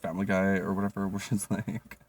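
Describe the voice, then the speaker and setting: Gravelly low-voiced man telling stories. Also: a little fast, far from the mic. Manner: profane, animated, laughs often, many fillers. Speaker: vlogger. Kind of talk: storytime monologue.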